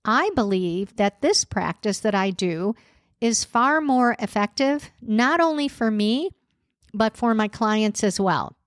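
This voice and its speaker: A woman's voice: medium pitch, no room sound, studio quality. A woman hosting her own coaching podcast, speaking in an encouraging tone and asking rhetorical questions while getting over a cold. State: recovering from a cold. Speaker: podcast host and life coach. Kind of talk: solo podcast talk.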